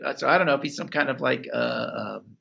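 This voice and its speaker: Casual male podcaster, raspy edge and sharp bright tone, loose rambling delivery. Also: medium pitch, a little fast, muffled recording. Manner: rambling, many "like"s, acts out characters. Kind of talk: casual podcast recap chat.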